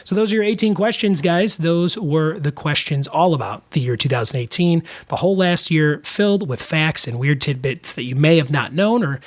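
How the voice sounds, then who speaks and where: A man's voice: on the high side, animated, moderate pace, hardly any pauses. Chatty man hosting a trivia podcast. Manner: chatty, joking asides between answers. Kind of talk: casual solo podcast trivia.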